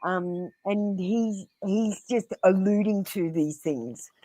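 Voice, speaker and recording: A woman with an Australian accent giving blunt, earnest tarot readings on a live stream, pausing often with ums. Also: mid-range voice, mellow, no room sound. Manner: blunt and earnest, addressing viewers by name; frequent ums and pauses. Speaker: tarot reader.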